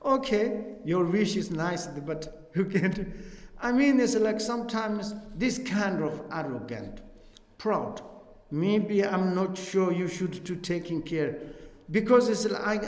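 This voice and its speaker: A Buddhist teacher with a Tibetan accent, speaking Tibetan natively, gives a dharma teaching in halting, broken English full of fillers. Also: male voice, high-pitched. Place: retreat teaching hall. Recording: echoey hall with long reverb.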